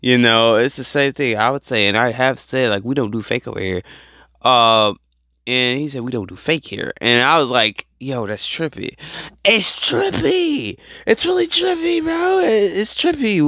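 A man's voice: mid-range voice, lively intonation, moderate pace, sharp tone, no echo, clean studio sound. A man hosting his own podcast, rambling in slangy casual commentary and repeating himself a lot. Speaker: podcast host.

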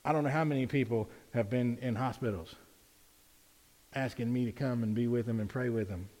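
Preacher in an echoing church. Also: male voice, mid-range voice, brisk, dark tone. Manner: conversational preaching, rising to emphatic peaks. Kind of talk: sermon. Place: church sanctuary. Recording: reverberant church hall.

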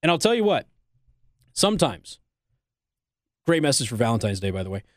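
Animated, blunt male talk radio host. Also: mid-range voice, moderate pace, no room sound, clean studio sound. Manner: blunt, teasing, animated advice-giving. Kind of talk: opinionated talk radio monologue. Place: radio studio.

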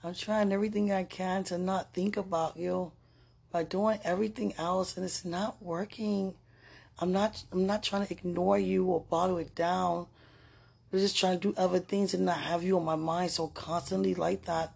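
Emotional woman with a gravelly, husky voice. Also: fairly low pitch, steady tone, a little mellow. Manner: emotional, sighing, breathy at times, halting with many fillers. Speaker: podcaster. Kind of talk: spoken personal message.

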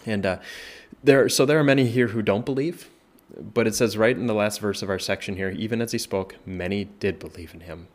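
A man's voice: on the low side, brisk. A man pastor teaching a Bible passage in a conversational way, often asking "right?" and restarting his sentences. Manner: conversational, many "right?" tag questions and restarts, rises when voicing Jesus. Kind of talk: informal Bible study teaching.

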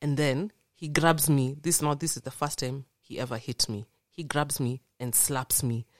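A young woman tells her story as a podcast guest, earnest and animated, acting out the voices she quotes. Her voice sits low, and the recording is dry and close. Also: normal speed, no room sound. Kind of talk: personal storytelling in a podcast conversation.

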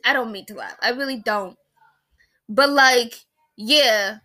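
Emotional young woman, bright voice. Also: on the high side, unhurried. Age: early 20s. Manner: rambling, many fillers and restarts, emotional. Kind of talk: casual personal talk to camera.

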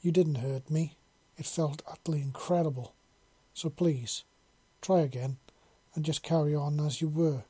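A man reading the part of a sultry, eager female dragon-woman who purrs and teases softly. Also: on the high side, steady tone, measured pace, hardly any pauses, slightly rough. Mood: apologetic. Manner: purring, soft and teasing.

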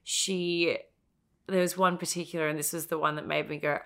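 A woman telling her story as a podcast guest, animated and swearing freely as she acts out what others said. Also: deep voice, moderate pace.

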